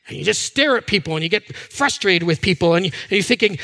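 A man preaching a sermon, animated and conversational, acting out the voices of people he quotes. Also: sits high, fast, creaky, hardly any pauses. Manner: animated, acts out quoted voices, restarts words. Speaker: pastor. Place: church hall with a screen.

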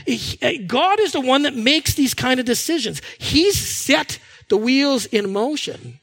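Male pastor, sermon, very high voice, bright tone, animated delivery. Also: unhurried, gravelly. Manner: animated, acts out quoted voices, restarts words. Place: church hall with a screen.

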